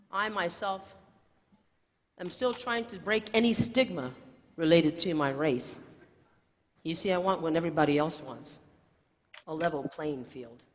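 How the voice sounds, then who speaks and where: A woman from South Texas giving a contest speech as a playful, animated storyteller over a video call. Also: lowish voice, long reverb tail. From South Texas, USA. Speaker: contest speaker. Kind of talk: competition speech.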